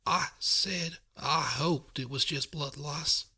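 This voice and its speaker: Brief: man doing a fragile young pegasus mare for an audiobook, breathy and soft, a bit higher than his own voice, timbre shifted. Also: takes it slowly, heavily acted. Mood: weak.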